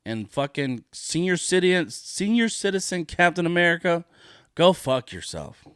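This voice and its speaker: A man's voice: fairly high pitch, big pitch swings, moderate pace, fairly bright tone, clear, resonant tone, no echo, studio quality. Profane, indignant man hosting a podcast. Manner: profane, indignant, repeats his points for emphasis. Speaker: podcast host. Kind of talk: solo podcast rant.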